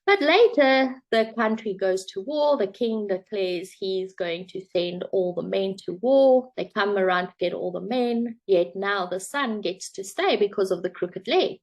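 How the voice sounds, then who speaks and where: A woman's voice: medium pitch, measured pace, few pauses. A woman coach telling a parable and drawing a motivational lesson from it, in a chatty storytelling way with some fillers. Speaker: self-help coach.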